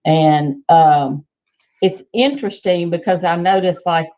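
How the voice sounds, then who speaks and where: A woman's voice: on the low side, unhurried, warm tone, highs cut off. A woman co-hosting a Christian talk show, agreeing and adding her thoughts. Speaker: co-host. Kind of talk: faith talk show discussion.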